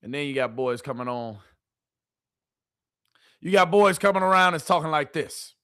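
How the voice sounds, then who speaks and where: A woman streamer giving casual, animated sports commentary, full of rhetorical questions and slang. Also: low-pitched, normal speed.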